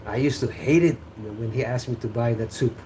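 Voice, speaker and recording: A man with an Indonesian accent, a native Sundanese speaker, hosting a casual livestream chat, relaxed and chuckling, with many fillers. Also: medium pitch, a little fast, slight background noise. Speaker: host.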